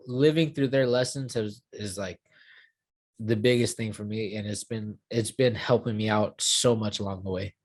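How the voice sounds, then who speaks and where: A man's voice: on the low side, dry recording. Casual young man rambling, dry sound. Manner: rambling, many fillers and restarts, swears casually. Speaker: UFC fighter. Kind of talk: casual interview talk.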